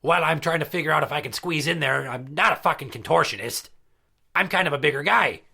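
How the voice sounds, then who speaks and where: A crude, boastful pirate entertainer, played by a man, talking in a gravelly, bright voice slightly above the usual male range. He swears freely and spins his stories with swagger. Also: a little high, fast, full character voice. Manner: crude, profane storytelling. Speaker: regular character. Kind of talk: comedy podcast skit.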